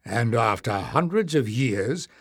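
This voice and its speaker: A man's voice: medium pitch, lively intonation, slow pace, husky, dry recording, studio quality, full character voice. Man voicing an eager young adventurer. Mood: explaining.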